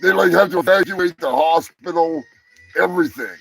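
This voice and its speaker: A man's voice: sits high, moderate pace, creaky, breathy edge, soft background music. A man hosting a comedy news show, rambling through crude jokes and profane asides. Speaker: host. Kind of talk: casual comedy chat.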